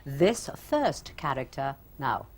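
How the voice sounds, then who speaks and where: A woman's voice: extremely low pitch, sing-song, slow pace, darkish tone. A woman hosting a chat show, asking questions in a playful, teasing way. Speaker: talk show host.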